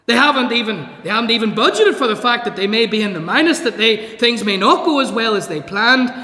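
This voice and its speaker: A man's voice: extremely high pitch, expressive, a little fast, pushed and bright. A man preaching an evangelistic sermon in a church, emphatic, with rhetorical questions to the congregation. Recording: echoey church hall.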